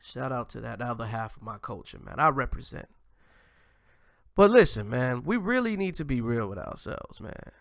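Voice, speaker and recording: A man hosting his own show, talking in a loose, animated monologue that often ends lines with "man" and restarts mid-sentence. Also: medium pitch, normal speed, vocal fry, no echo, studio quality. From United States. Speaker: host. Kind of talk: casual commentary monologue.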